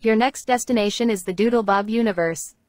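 A woman's voice: medium pitch, brisk, a little mellow, natural voice. A woman voicing a curt, mocking female guide in a video game.

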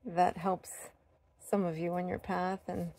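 Slow, earnest spiritual woman vlogger. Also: fairly low pitch, little pitch movement. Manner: earnest, gentle, with fillers and restarts. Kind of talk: heartfelt personal talk to camera.

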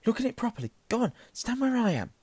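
A hoarse man voicing an excited eleven-year-old boy wizard, eager and insistent. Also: mid-range voice, quick pace, dry recording, voice pushed up.

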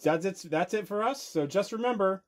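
Man, husky, high and animated, playful exasperated comedy sketch host. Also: moderate pace. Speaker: podcast co-host and father. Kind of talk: comedic skit and figure review.

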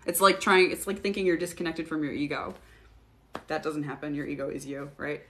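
A woman's voice: low voice, little pitch movement, a little fast, fairly bright tone, a little hiss or hum. A young woman hosting a casual livestream, telling stories and answering viewer questions, swearing freely and laughing often.

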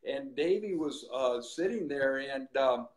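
A man, a guest minister, telling his testimony in an animated way and acting out the voices he quotes. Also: medium pitch, a little slow, reverberant. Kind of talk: testimony storytelling.

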